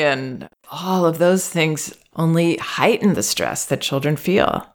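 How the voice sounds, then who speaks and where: A woman with a notably low voice talks through parenting advice. Her delivery is calm and measured. Now and then she gently voices what a parent or child might say. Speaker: parenting advisor.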